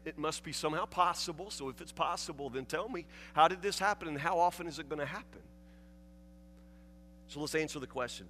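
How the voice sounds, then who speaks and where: A man preaching a sermon, telling the story with animated, emphatic delivery and repeated phrases. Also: high-pitched, in a large hall. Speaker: pastor.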